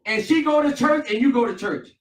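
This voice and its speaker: A high-pitched pastor delivers an emphatic call-and-response sermon in an echoey church. The mic sits at a distance, so his voice sounds roomy and far off, swinging between loud and soft. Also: animated, brisk. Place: church sanctuary.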